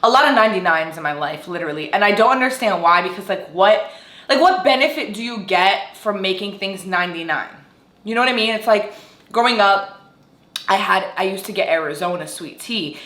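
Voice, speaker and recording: A woman's voice: medium pitch, animated, a little fast, fairly bright tone, roomy sound. A young woman from Brooklyn, New York, reviewing coffee in a casual, rambling vlog and teasing herself now and then. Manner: rambling and self-teasing, with sing-song greetings. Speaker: vlogger reviewing food and coffee.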